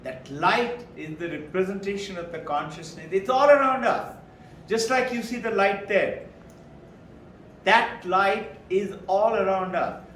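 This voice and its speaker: A man's voice: sits high, unhurried, slight background noise. A middle-aged man gives a spiritual talk to a live audience and acts out the dialogue of the stories he tells. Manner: animated storyteller who acts out quoted dialogue. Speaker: spiritual teacher. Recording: roomy hall, mic at a distance.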